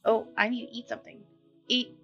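A woman's voice: a little high, level tone, fairly quick, gravelly, fairly bright tone. A woman streaming a video game, talking to herself in casual commentary and startling easily. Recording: dull lo-fi mic with faint music.

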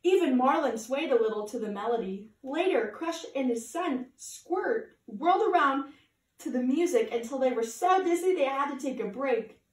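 A woman reading a children's storybook with a high, very lively voice and chatty asides of her own. She sounds set back from the mic in an echoey room. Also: normal speed, far from the mic. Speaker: party entertainer reading a story.

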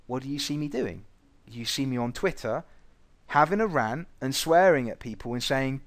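Blunt, profane man teaching. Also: mid-range voice. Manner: blunt and profane, lively storytelling. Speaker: trading educator. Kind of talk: recorded trading lesson with anecdotes.

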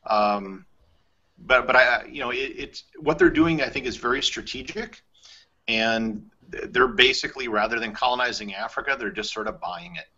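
A man's voice: medium pitch, normal speed, sharp tone, slightly rough. A man hosting a travel podcast in casual conversation, thinking aloud with plenty of fillers as he goes. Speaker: podcast host. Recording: slightly muffled audio.

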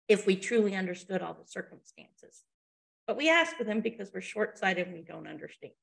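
A woman's voice: mid-range voice, creaky, a bit bright. A woman presents a motivational webinar in an easy, conversational way. She keeps checking in with her audience as she moves into a story. Her voice sits in a middle range.

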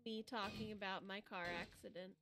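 A woman's voice: mid-range voice, fairly even intonation, fairly quick, fairly bright tone. A woman in casual chat while playing a co-op game, teasing and playful. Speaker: co-op streamer.

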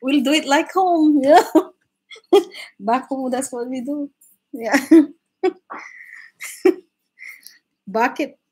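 A woman's voice: high voice, drawn-out words, long pauses, a little mellow, rough recording. A woman hosting a live drawing stream, chatting casually with viewers, laughing often and restarting her sentences.

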